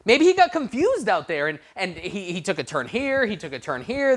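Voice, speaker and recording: A man preaching to a youth group, telling a story in an animated way with frequent restarts. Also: high-pitched, brisk, few pauses. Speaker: youth pastor.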